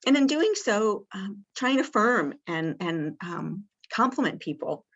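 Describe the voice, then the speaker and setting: A woman's voice: mid-range voice, big pitch swings, measured pace, highs cut off. A woman presenting a session on communicating with people with dementia, talking casually with lots of fillers and acting out what a caregiver might say. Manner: warm conversational teaching with many fillers; acts out caregiver lines in a bright, lifted voice. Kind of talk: interactive training session.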